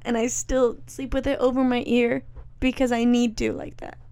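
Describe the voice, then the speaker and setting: Young female co-host, high voice, chatty and a bit jumpy. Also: level tone, normal speed, mellow, clean tone, no room sound. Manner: chatty, self-described jumpy, filler-heavy. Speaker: podcast co-host. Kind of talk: casual chat.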